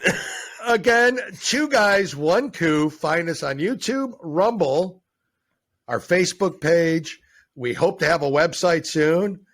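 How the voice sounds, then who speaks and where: Gravelly, raspy man teasing his co-host. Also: fairly high pitch, expressive, slow pace, a bit bright. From Ohio. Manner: teasing, joking, swears casually. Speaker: podcast co-host. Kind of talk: casual banter.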